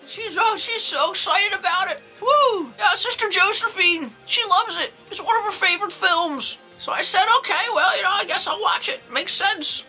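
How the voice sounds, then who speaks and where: Woman playing a shrill rambling old nun. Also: normal speed, few pauses, pushed and bright, faint music behind, rough recording. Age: older. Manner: rambling, exclamatory, folksy. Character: eccentric creepy old nun, rambling horror reviewer. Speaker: movie reviewer. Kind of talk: comedic character monologue.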